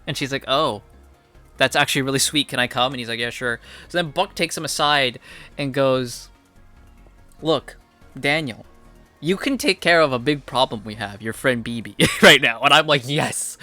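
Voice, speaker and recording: A man's voice: fairly high pitch, moderate pace, sharp tone, no echo, faint music behind. A young man recapping a TV episode in a casual, rambling monologue, blunt and full of swearing. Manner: profane, blunt, rambling with fillers. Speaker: TV episode reviewer.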